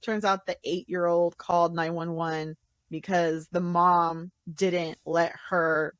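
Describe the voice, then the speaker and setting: A woman's voice: fairly low pitch, level tone, takes it slowly, a bit bright, clean tone, no room sound. A woman co-hosting a casual podcast, chatty, laughing often as she retells scenes from shows. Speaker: podcast co-host reviewing TV shows.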